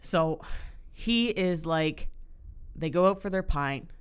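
A man's voice: on the high side, takes it slowly, clean tone. A man co-hosting a podcast, telling a story in casual chat, swearing constantly and acting out the characters. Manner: animated storyteller, swears a lot, acts out characters. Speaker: podcast co-host.

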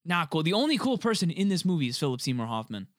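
A young man chatting casually about a movie, animated and joking, swearing freely. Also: fairly high pitch, dry recording, studio quality. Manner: animated, swears freely, quick jokey asides.

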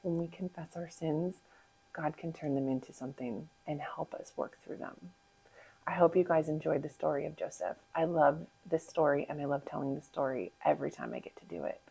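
A woman telling a Bible story to listeners in an animated way, asking them questions. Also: low-pitched, a little fast, gravelly, husky, rough recording. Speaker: children's Bible story teller.

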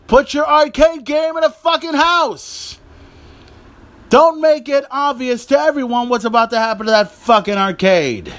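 A man hosting a podcast, ranting casually about wrestling with profane, exasperated rambling. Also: high voice. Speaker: podcast host. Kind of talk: casual wrestling commentary rant.

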